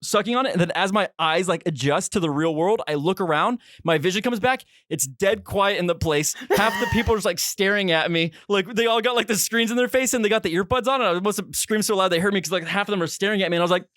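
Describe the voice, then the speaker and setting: A young man co-hosting a podcast, telling a story in a casual, animated way and acting out his own reactions. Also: fast talker, few pauses, dry recording, studio quality. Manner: animated, re-enacts his own reactions with big pitch jumps. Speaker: podcast co-host.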